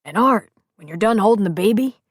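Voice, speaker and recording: A woman voicing a friendly, easygoing married man who jokes in a relaxed way. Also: mid-range voice, a little fast, no echo, clean studio sound, pitched above the performer's own voice, close to an everyday voice. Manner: joking, relaxed.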